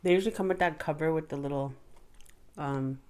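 A woman's voice: low-pitched, a little fast, a little mellow. A middle-aged woman vlogger chatting casually to the camera while she eats, humming between bites. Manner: chatty, eating between words, frequent mm-hmms. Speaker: mukbang vlogger. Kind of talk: casual chat while eating.

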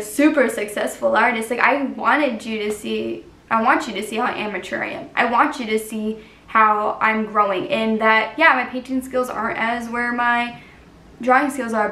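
A woman's voice: fairly high pitch, fairly bright tone. A woman artist hosting her own channel, talking to camera in an earnest, encouraging way. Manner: earnest, encouraging, frequent "like" fillers. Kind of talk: casual vlog talk to camera. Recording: roomy sound, voice from a distance to the mic.

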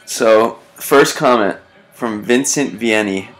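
A man's voice: on the low side, slow, a bit bright. A man chatting casually with his roommate, amused and laughing often as he reads comments aloud. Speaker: video creator reading comments. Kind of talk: casual chat.

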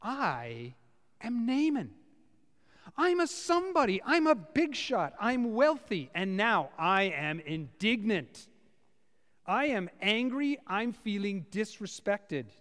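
A man's voice: sits high, very animated, slow pace, fairly bright tone, in a large hall, pitched above the performer's own voice, full character voice. A man acting out a proud, indignant army commander in a sermon, ranting with pompous self-importance. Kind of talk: sermon acting out a scripture figure.

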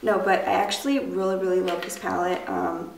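A young woman reviews beauty products in a loose, rambling way, with lots of fillers. Her voice sits a little low and sounds raspy, as if she has just woken up. She is recorded from a distance in an echoey room with faint background noise. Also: fairly even intonation, brisk. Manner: chatty, filler-heavy, rambling. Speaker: beauty vlogger.

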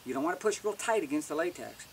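A man's voice: on the high side, very animated, quick pace, gravelly, far from the mic, very noisy. A man giving a casual, plain-spoken how-to demonstration as an elk-calling instructor, often restarting words.

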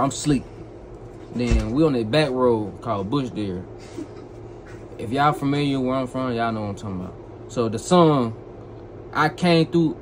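A young man telling a personal story in a casual, animated way, full of slang and repeated phrases. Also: mid-range voice, a little hiss or hum, rough recording.

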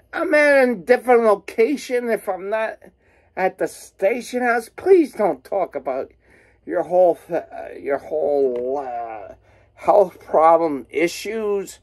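A woman vlogger on a profane, rambling rant, sounding fed up and exasperated. She talks slowly and drawls her words, at a middling pitch. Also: darkish tone, poor audio. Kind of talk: casual profane rant to camera.

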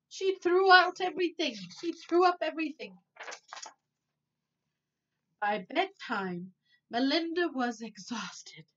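A woman teacher reading a storybook aloud to children, animated and expressive, with playful asides. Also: high voice, takes it slowly, pauses often. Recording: dull lo-fi recording.

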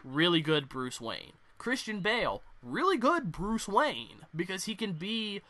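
A man's voice: high-pitched, sing-song, unhurried, pushed and bright. A young man hosting a casual podcast, ranting with strong opinions and some swearing. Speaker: podcast host.

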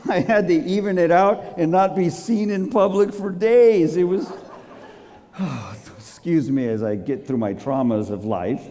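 Man, preacher, high lively voice, slow delivery, dramatic storytelling, long hall reverb. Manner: acts out characters, laughs, shouts at climaxes.

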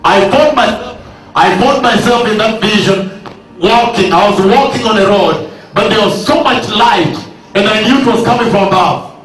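A man preaching a sermon at a slow, emphatic pace, building up to shouted declarations. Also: high-pitched. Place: large hall at a university. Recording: echoey hall, from far off, faint music.

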